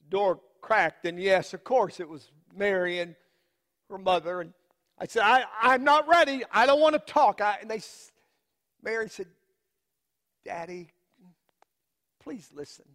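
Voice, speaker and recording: Guy doing mary's earnest middle-aged dad, real high voice, slow and halting, big hall echo. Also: fairly bright tone. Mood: awed storytelling. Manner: slow, emphatic, with halting repeats and long pauses. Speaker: storyteller in a biblical monologue. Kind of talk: dramatic first-person monologue.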